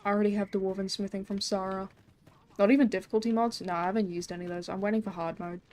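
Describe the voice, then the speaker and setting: A woman's voice: mid-range voice, steady tone, fast talker, a little mellow. Rambling Australian woman streamer. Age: young adult. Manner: rambling, swears freely, many fillers. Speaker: game streamer. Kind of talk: casual live-stream chat.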